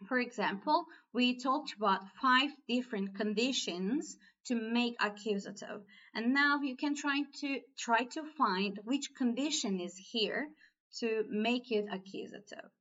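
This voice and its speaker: A woman's voice: fairly high pitch, a little slow, fairly bright tone, muffled recording. A woman with a Turkish accent, a native Turkish speaker, teaching a language lesson patiently, step by step. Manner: patient, step-by-step, with non-native English phrasing. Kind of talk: slow explanatory online lesson.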